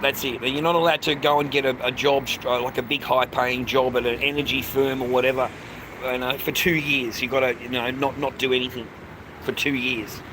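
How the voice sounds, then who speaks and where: A man's voice: mid-range voice, flat delivery, brisk. An Australian man live-streaming outdoors, chatting in a rambling way, swearing freely and calling everyone "mate". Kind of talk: casual live-stream chat. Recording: noisy outdoor traffic.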